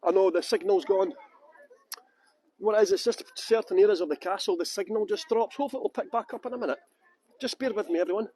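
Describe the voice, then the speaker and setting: Chatty Scottish-accented man, husky and high. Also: fast, mellow, rough recording. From England. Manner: chatty, joking asides to viewers. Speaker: tour guide. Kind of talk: live-streamed walking tour. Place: outdoors in castle grounds. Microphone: handheld phone streaming live.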